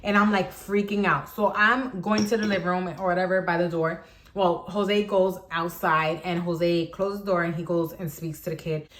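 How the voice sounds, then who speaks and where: A young adult woman vlogger telling a personal story in a casual, animated way, filling her talk with "like". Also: lowish voice, moderate pace. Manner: chatty, animated, heavy use of "like".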